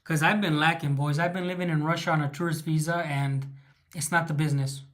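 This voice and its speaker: He talks fast, his fairly high voice steady and a bit bright. In this casual livestream Q&A, the Southern California host with a Chicano English accent, based in Russia, rambles while answering viewers, often restarting sentences with plenty of ums.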